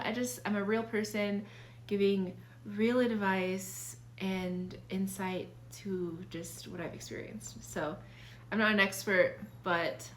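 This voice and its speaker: A young woman speaking in an earnest, confiding way as she shares her own experience. Her talk is loose and casual, full of restarts and filler words. Her voice sits at an ordinary middle pitch for a woman. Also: a bit bright, slight background noise. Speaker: vlogger sharing life advice.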